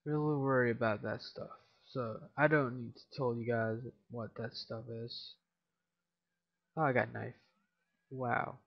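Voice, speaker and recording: A man's voice: mid-range voice, fairly even intonation, a little slow, gravelly, highs cut off. A tired teenage boy commentating his shooter gameplay casually, mumbling and swearing often.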